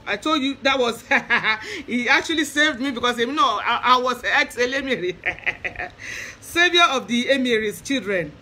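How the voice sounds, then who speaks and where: A man's voice: very high-pitched, lively intonation, normal speed, bright, forceful tone. A man, an Ifá spiritualist talking earnestly on a livestream and chanting praise verses, switching between Yoruba and English.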